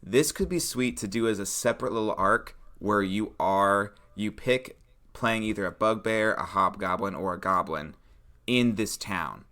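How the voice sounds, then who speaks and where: Excitable man, bright voice. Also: fairly low pitch, unhurried. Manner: excitable, brainstorming. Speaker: podcast co-host. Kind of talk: casual chat about tabletop game prep.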